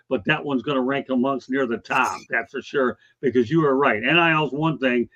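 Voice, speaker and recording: A man's voice: medium pitch, fairly bright tone, muffled recording. A man hosting a sports talk show, casual and emphatic, pushing his opinions hard. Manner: emphatic, opinionated, keeps saying okay.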